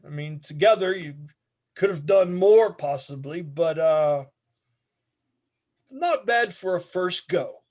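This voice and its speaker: A man voicing a gruff older warrior. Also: sits high, expressive, takes it slowly, long pauses, a little mellow. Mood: approving. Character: strong older male human warrior, gruff and approving.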